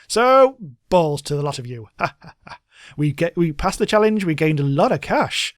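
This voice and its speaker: A man's voice: high-pitched, very animated, normal speed, no room sound, studio quality. A man giving casual, chatty gameplay commentary, reading game text aloud and laughing often. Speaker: let's play host.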